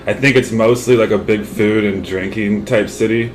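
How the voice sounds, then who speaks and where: A man's voice: fairly low pitch, fairly even intonation, moderate pace. A man from St. Louis co-hosting an interview, talking in a rambling, casual way with lots of fillers and the odd swear word. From St. Louis, Missouri. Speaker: co-host. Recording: noisy background hiss.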